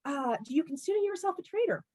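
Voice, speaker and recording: A woman's voice: very high-pitched, lively intonation, fast talker, darkish tone, no room sound, clean studio sound. A woman interviewing a guest over a video call, asking playful, teasing questions. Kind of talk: casual interview.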